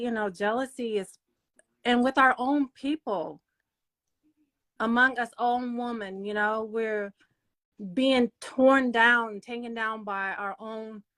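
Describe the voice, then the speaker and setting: A woman hosting her own channel, speaking slowly in a halting, emotional monologue full of fillers and restarts. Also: on the high side, a bit bright. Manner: halting, repetitive, many fillers. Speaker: channel host.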